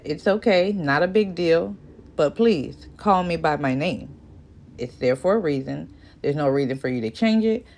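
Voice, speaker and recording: A woman with a fairly low voice hosts her own channel. She speaks earnestly and with emphasis, straight to her viewers. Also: a little mellow. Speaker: channel host. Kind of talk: direct-to-camera commentary.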